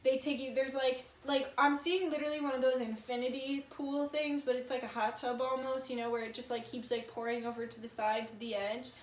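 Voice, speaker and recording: A woman's voice: high voice, flat delivery, fairly quick, few pauses, a little hiss or hum. A woman in her twenties giving a casual tarot reading, chatty and full of filler words and swearing. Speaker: tarot reader. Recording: echoey room.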